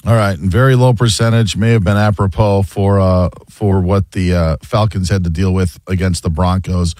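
A man's voice: low-pitched, steady tone, moderate pace, darkish tone, no room sound. A man hosting a sports talk show, asking guests leading questions in a conversational way. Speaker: sports radio host.

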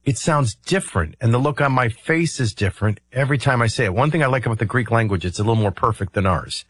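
A middle-aged talk radio host rambles through his political views conversationally, with plenty of ums and uhs. He talks fast and animatedly in a mid-range voice that is husky and fairly bright. The recording is dry.

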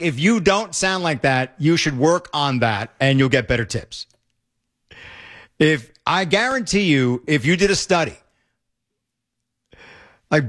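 A middle-aged man hosting an opinionated talk show, animated and exasperated, often stumbling and repeating words. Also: on the high side. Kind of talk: opinionated talk radio commentary.

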